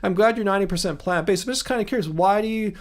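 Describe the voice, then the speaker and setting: A man's voice: high voice, very fast. A man in his forties hosting a casual livestream, earnestly questioning viewers in chat with many restarts. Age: 40s. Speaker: livestream host answering chat. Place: home studio.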